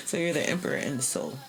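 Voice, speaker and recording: A woman's voice: a bass voice, low-quality recording. A young woman giving a casual tarot reading, slangy and profane, laughing often. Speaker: tarot reader.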